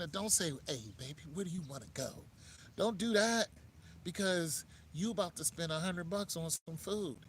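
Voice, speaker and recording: A man's voice: a little high, fairly bright tone, slight background noise. A man with an American accent giving dating advice in a laid-back, joking monologue, talking straight to the listener. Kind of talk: casual monologue.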